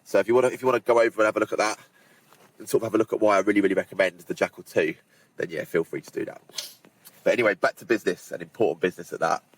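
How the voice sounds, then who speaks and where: A hiker races through his words in a lowish voice while vlogging at a campsite on windy fells. He keeps it casual and chatty, talking right to his audience with easygoing asides.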